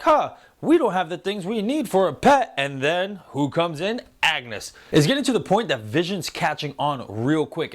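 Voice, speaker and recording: A man's voice: medium pitch, fairly bright tone. A man in his thirties hosting a casual review show, talking loosely, swearing freely and acting out quotes in silly voices. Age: 30s. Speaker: host. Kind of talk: casual spoiler review chat.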